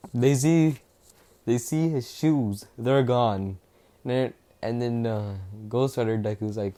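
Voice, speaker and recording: A young man casually retelling a fan-fiction story, rambling and rushed, with restarts and swearing. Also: medium pitch, warm tone.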